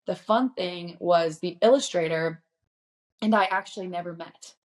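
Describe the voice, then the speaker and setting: A woman's voice: on the low side, moderate pace. A young woman from Indiana, a guest on a podcast, telling her story in a chatty, upbeat way. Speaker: guest, children's book author. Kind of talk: casual podcast interview.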